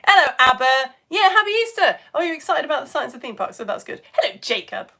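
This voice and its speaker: Woman, British accent, lively swooping voice, fairly high, bubbly live-stream host. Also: quick pace. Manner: bubbly, exclamatory, chatty with viewers. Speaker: children's science show host. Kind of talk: live-stream chat reading comments.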